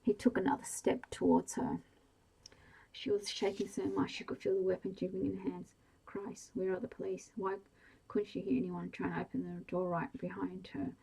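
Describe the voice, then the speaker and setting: A woman whispering a bedtime story in a soft, hushed and even way, in a whispered role-play style. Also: mid-range voice, moderate pace, vocal fry, slightly rough, low-quality recording. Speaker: audiobook reader.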